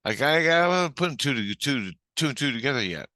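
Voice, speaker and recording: A man's voice: medium pitch, animated, a little fast, bright, forceful tone, no room sound, studio quality. A middle-aged man telling a rambling, profane story about a strange experience, agitated and full of restarts. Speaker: vlogger recounting a spiritual experience.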